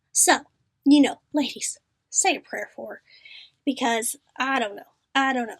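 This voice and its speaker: A middle-aged woman hosts a podcast, telling a story in a lively way and often dropping to a whisper. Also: high voice, a little slow, slightly rough, no echo. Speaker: podcast host. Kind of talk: casual storytelling.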